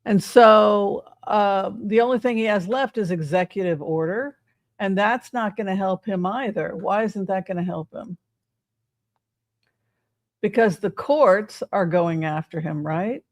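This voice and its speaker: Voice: mid-range voice, moderate pace, no echo. Chatty tarot reader, dry close sound. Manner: chatty, asks rhetorical questions. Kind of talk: casual livestream commentary.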